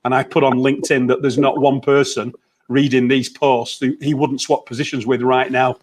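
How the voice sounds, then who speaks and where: A man's voice: medium pitch, flat delivery, normal speed. A man, a motivational coach in a casual group chat, telling stories and laughing easily over a video call. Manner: chatty storyteller, laughs easily.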